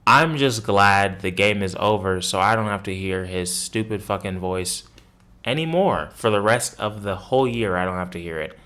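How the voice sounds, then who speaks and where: A man hosting a sports podcast talks in a somewhat low voice. He rambles through a loss with plenty of swearing and exasperation. His delivery is loose and conversational. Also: expressive, moderate pace, bright, forceful tone. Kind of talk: casual sports commentary rant.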